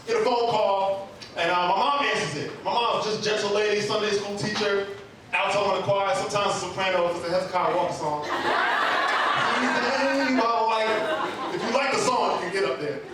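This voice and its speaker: A man with a high voice tells a funny personal story at a live open mic, animated and chatty and full of comic asides. He is caught by a camera from far off in a very echoey room with a clear hum of noise behind him. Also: fast talker.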